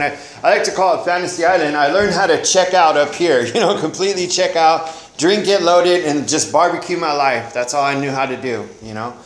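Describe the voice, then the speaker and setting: Casual man, somewhat high voice, sharing his recovery story in an echoey meeting room. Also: fairly bright tone. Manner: casual and slangy, peppered with "man" and "you know". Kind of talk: personal recovery testimony.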